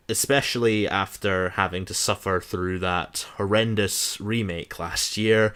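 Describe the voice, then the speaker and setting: A man co-hosting a casual movie podcast, talking chattily with a lot of ums. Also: fairly low pitch. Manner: chatty, lively, with filler ums. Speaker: podcast co-host.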